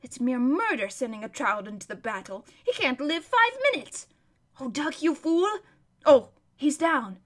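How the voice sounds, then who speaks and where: A woman's voice: high voice, very animated, a little slow, heavily acted. A woman voicing an old male hermit who describes a distant battle as a vivid, emphatic running commentary. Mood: anxious.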